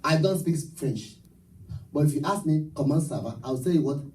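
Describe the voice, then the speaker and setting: A man's voice: a little high, moderate pace, darkish tone, distant mic, poor audio. A man preaching a live church sermon, rousing the congregation with call-and-response and rhetorical questions. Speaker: pastor. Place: church sanctuary at a live service.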